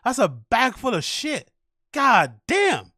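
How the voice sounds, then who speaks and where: A man hosting a podcast, rambling in mocking, profane, animated commentary. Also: extremely high pitch, slow, no room sound, studio quality. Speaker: podcast host.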